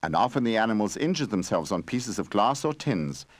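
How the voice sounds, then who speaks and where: A man voicing an old wandering bear who speaks loudly and earnestly in a storybook game. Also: on the low side, sing-song, fairly quick, no room sound, pitched above the performer's own voice. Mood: grave. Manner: loud, urgent speech.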